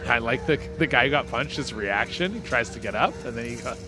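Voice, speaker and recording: A young man hosting a comedy podcast, riffing in a profane, animated way that swings between mumbled asides and loud bursts. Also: medium pitch, brisk, background noise. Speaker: podcast host. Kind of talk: casual comedic monologue.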